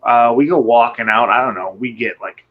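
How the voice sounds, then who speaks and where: A man telling a personal encounter story in casual conversation, rambling and animated, swearing and acting out what people said. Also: mid-range voice, moderate pace, narrow, tinny audio. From Michigan. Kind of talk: casual storytelling on a live show.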